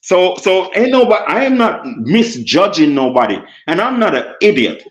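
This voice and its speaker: A man's voice: high-pitched, very animated, moderate pace, slight background noise. A Jamaican man arguing insistently in a heated debate, repeating himself and talking over others. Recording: roomy, dull lo-fi sound.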